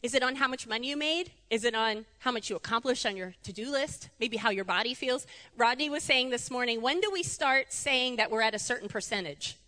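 A woman giving a conversational sermon in a church, animated and chatty, laughing easily. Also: on the high side, a little fast, long reverb tail. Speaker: preacher. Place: church sanctuary.

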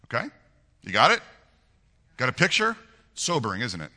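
Lively, bright-voiced male preacher in a big hall. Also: medium pitch, moderate pace. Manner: animated, asks the congregation frequent rhetorical questions; reads scripture aloud, then explains it. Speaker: pastor. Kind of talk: sermon.

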